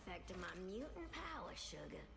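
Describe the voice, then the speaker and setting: A woman voicing a sassy female mutant heroine in a video game, with a dry, teasing manner and a gravelly voice. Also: medium pitch, very animated, brisk, a bit bright, exaggerated voice.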